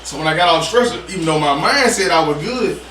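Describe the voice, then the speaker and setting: Animated man telling a story, roomy distant sound. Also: a little high, quick pace, crowd noise. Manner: animated, informal, repeats himself for emphasis. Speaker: podcast guest. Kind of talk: casual conversational storytelling. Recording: roomy, distant mic with background noise.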